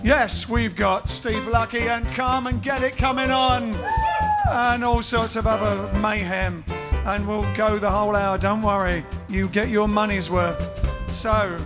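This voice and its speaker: A playful man hosts a casual livestream from an indoor room, his voice sitting quite high for a man. He chats and jokes loosely between songs. Band music plays clearly behind him. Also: steady tone, unhurried. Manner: playful, joking, chatty asides. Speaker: band leader hosting a livestream show.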